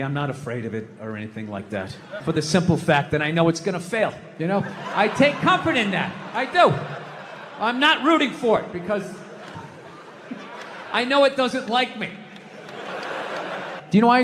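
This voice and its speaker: A man's voice: high voice, expressive, moderate pace, pauses often, long reverb tail, background noise. Ranting male stand-up comic. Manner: ranting, exasperated, shouting punchlines. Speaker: stand-up comedian. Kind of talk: stand-up comedy. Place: live comedy stage. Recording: live stage audio with audience.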